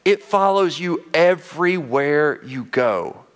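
A man, preaching a conversational sermon, earnest, with frequent restarts and drops to quiet intensity. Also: on the high side, lively intonation, slow pace. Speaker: pastor.

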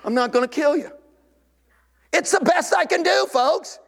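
A man's voice: very high voice, normal speed, gravelly, pitched above the performer's own voice. A man playing a hot-tempered, self-justifying churchgoer, mock-earnest and defensive, in a church with long reverb. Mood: grudging.

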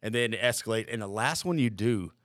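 A man's voice: on the low side, lively intonation, brisk, fairly bright tone, dry recording, clean studio sound. Profane, rambling storytelling man. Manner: rambling, profane, lots of "like" and "dude". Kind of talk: casual chat, storytelling.

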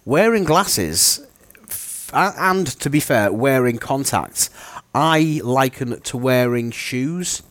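A man's voice: medium pitch, animated, slow pace, a bit bright, no room sound. Rambling self-mocking man. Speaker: podcast co-host. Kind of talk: casual chat.

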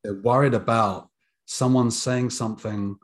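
A British man who works as a therapist, speaking in a measured, thoughtful way during a conversation. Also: medium pitch, fairly even intonation. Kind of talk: casual conversation.

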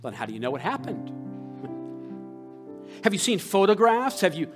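An American man, a rabbi, preaching a sermon with passion and rhetorical questions, swinging between loud and hushed. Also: sits high, big pitch swings, normal speed, music in the background. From United States.

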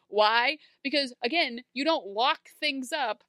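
A woman talks in a casual recap, sarcastic and animated, her speech full of "like" fillers. Her voice is fairly high and bright. The sound is close and dry. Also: unhurried, no room sound. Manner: animated, sarcastic, lots of "like" fillers, acts out quotes. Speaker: podcast co-host recapping a TV episode. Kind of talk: casual chat.

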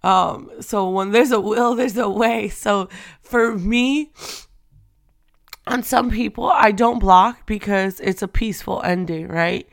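A young woman hosting a faith-based talk show, speaking off the cuff in a candid, chatty way, laughing often and moving between quiet and loud. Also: mid-range voice, takes it slowly, creaky, no room sound, studio quality. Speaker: faith-based podcast host. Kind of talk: unscripted casual girl talk. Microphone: audio only, not on camera.

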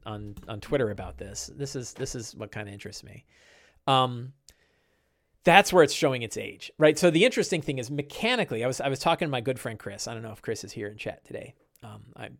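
A middle-aged man hosting a casual live-stream chat, rambling and animated, with many fillers and restarts. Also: mid-range voice, dry recording, clean studio sound. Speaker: podcast host.

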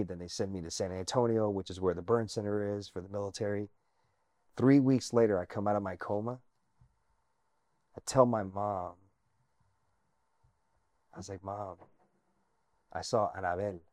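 A man with a low voice recounts his story as an interview guest, earnest and animated, sometimes sinking almost to a whisper. The sound is dry and close, with no room echo. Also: moderate pace, long pauses. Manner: earnest, animated, drops to near-whisper at emotional points. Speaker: guest, army veteran.

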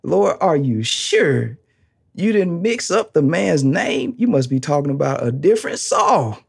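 A preacher acting out a nervous male disciple who pleads and makes comic excuses, with a husky, gravelly voice. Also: fairly high pitch, big pitch swings, unhurried, full character voice. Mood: evasive. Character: anxious, bargaining male disciple.

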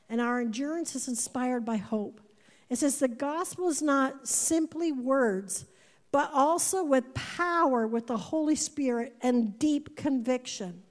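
A woman in her fifties preaching a sermon to a congregation, animated, repeating words and putting questions to the room. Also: high-pitched. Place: church before a congregation. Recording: long hall reverb.

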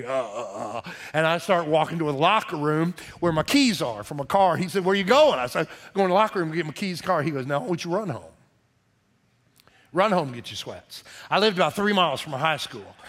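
A middle-aged man with a drawl delivers a sermon as a story. His voice sits a bit high, and he moves between plain telling and lively quoted lines in a folksy pastor's manner.

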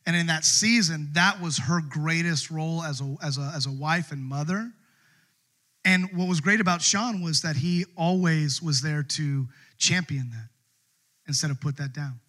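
A middle-aged pastor preaching in a church, talking to the room like friends and often restarting his sentences. His voice sits high for a man and has a bright, forward ring. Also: moderate pace. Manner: conversational, self-deprecating, with many restarts. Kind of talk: sermon. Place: church sanctuary.

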